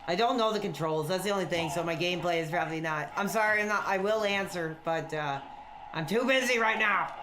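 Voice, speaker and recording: Excitable man streaming a game. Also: sits high, brisk, background noise. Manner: excitable, loud outbursts, rambling. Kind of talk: excited gameplay commentary.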